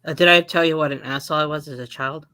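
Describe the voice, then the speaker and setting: A man's voice: a little high, steady tone, fast talker, bright, forceful tone, dry recording. A man telling laid-back, self-deprecating anecdotes on a podcast stream. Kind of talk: casual live-stream chat.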